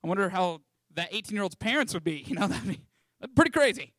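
Fast-talking and animated, an eighteen-year-old Texan rambles through a casual testimony about his mission trip, using lots of fillers. He has a high, slightly bright voice. The studio sound is clean, with no echo.

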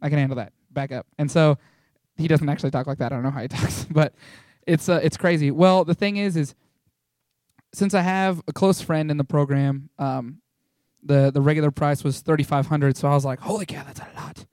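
A young man giving an informal, rambling testimony to a small church, excitable and full of fillers and restarts. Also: on the high side, normal speed, dry recording, clean studio sound. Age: young adult.

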